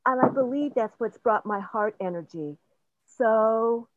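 Speaking in a group session, an older woman recounts her personal experiences in a casual, rambling, earnest way, frequently chuckling at herself. Her voice is on the high side and a little slow, and the muffled lo-fi recording sounds close and dry, without room echo.

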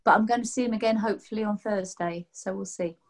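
A woman's voice: mid-range voice, quick pace. A woman in her sixties, a massage therapist, telling a rambling story on a video call and acting out what people said. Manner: lively, rambling, acts out quotes in voices. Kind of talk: casual storytelling chat.

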